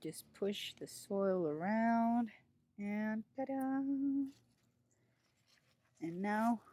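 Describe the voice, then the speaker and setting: A woman's voice: mid-range voice, drawn-out words. A woman giving a casual garden tour in her vlog, giddy and giggly, outdoors in her home garden. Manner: giddy, giggly, over-excited. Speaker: gardening vlogger.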